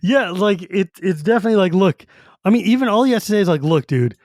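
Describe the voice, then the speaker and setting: A man's voice: high-pitched, quick pace, a little mellow, dry recording, studio quality. A man co-hosting a podcast, chatting casually about a book and acting out its characters as he retells it. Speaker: podcast co-host.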